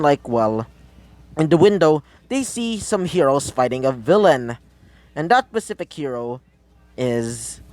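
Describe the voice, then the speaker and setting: A man improvises a fan story, rambling and restarting with many fillers. His pitch is fairly high and swings about. Dry, close recording. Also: no echo.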